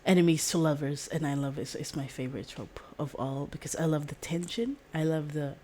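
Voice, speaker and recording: Woman streamer, low voice, loose rambling chat, giggles a lot, swears freely. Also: brisk, mellow, a little hiss or hum. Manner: rambling and giggly, laughs often; casual swearing. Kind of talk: casual chat.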